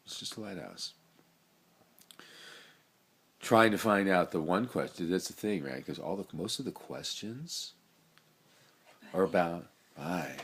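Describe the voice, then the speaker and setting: A man's voice: deep voice, expressive, a little slow, gravelly, pauses often, slightly rough. A middle-aged man with a brain tumor, rambling through his thoughts in a free-associating personal monologue, full of laid-back slang. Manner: rambling, free-associating, swings between loud and soft.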